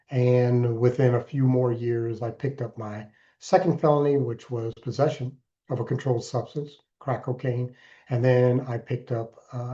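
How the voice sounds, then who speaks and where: A man's voice: medium pitch, mellow, dull audio. Earnest older man telling his story. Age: 60s. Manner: earnest, deliberate storytelling with emphatic bursts. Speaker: podcast guest. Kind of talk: personal story in interview.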